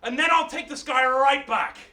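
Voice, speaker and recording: A man playing the young hero Hercules, impatient and exasperated, shouting and pleading. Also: very high-pitched, moderate pace, distant mic, pitched above the performer's own voice, full character voice. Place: arts centre stage, live show. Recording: roomy hall, mic from afar.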